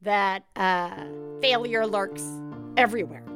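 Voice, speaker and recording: Wry, slow-talking woman podcast host. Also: mid-range voice, over music. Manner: wry, joking, then gently reassuring. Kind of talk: casual chat.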